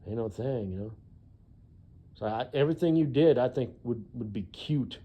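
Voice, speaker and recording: A man's voice: mid-range voice, expressive, moderate pace, breathy edge, muffled recording. A man vlogging in a casual, rambling monologue, profane and full of "you know" fillers.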